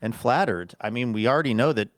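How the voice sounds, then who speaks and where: Male podcast host, mid-pitched, dry close studio sound, rambly and self-deprecating. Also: fast, no room sound. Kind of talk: casual chat.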